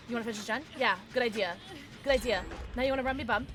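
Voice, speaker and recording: A woman streamer giving live gaming commentary, excitable and playful, often squealing and laughing. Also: fairly high pitch, racing. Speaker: livestreamer.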